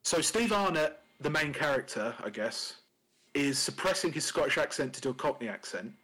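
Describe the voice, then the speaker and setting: Male podcast co-host, husky voice, loose rambling delivery, casual and sweary. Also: on the high side, lively intonation, moderate pace, bright, forceful tone, poor audio. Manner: rambling, many fillers and restarts, swears. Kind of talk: casual chat.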